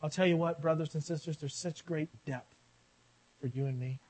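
A man preaching a sermon as pastor. He swings between shouted, excited exclamations and quiet, earnest passages, and chuckles now and then. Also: a little high, moderate pace, rough recording.

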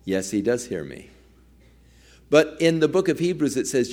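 A man's voice: mid-range voice, sing-song, moderate pace, long pauses, a little mellow. A male pastor preaching a sermon, telling a story earnestly and acting out its quoted dialogue.

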